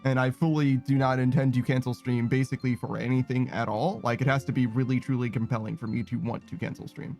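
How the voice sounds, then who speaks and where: A man's voice: medium pitch, flat delivery, quick pace, hardly any pauses, darkish tone, soft background music. Laughing, swearing streamer guy. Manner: self-deprecating, laughs often, swears casually. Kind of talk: casual gaming stream chat.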